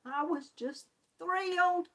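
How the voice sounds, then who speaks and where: A woman's voice: very high voice, takes it slowly, pushed and bright. A woman with a Southern US accent hosting a casual live crochet chat, greeting viewers by name and laughing often. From Georgia, US. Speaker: crochet channel host.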